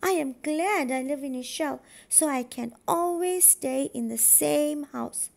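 A woman's voice: high voice, measured pace, vocal fry, darkish tone. A woman voicing a cheerful, friendly little girl turtle in a storybook, speaking eagerly with lifted exclamations.

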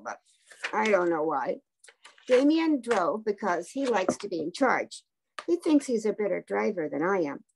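A woman reading a children's story aloud for a book club, gently voicing the characters' lines. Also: mid-range voice, gravelly. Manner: gently voices the characters' dialogue.

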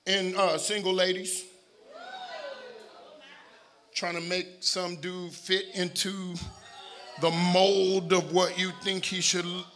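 Bright, high-pitched preaching man. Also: slow pace, long pauses, a little hiss or hum. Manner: animated preaching, swings from shouting to quiet asides, joking with the congregation. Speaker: pastor. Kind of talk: sermon. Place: church sanctuary.

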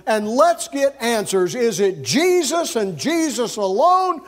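A man's voice: extremely high pitch, very animated, slow pace, voice pushed up, exaggerated voice. Man voicing insistent church elders. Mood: urgent. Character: determined early church men demanding answers.

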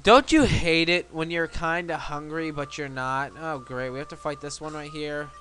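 A young man offers casual let's play commentary in a sarcastic, joking voice. His voice is bright, clear and a little high, with faint game music underneath. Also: moderate pace. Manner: joking, sarcastic, reads game text aloud.

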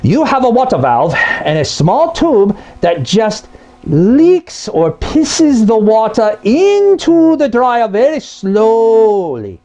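A man's voice: high voice, huge pitch swings, takes it slowly, a little mellow. A man who repairs appliances, explaining a topic to camera in a blunt, conversational way. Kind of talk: explainer video.

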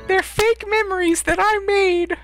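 A woman's voice: very high voice, steady tone, unhurried, a bit bright, faint music behind, pitched above the performer's own voice, poor audio. A woman voicing a small, loyal male dream spirit as she reads game dialogue aloud. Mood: insistent.

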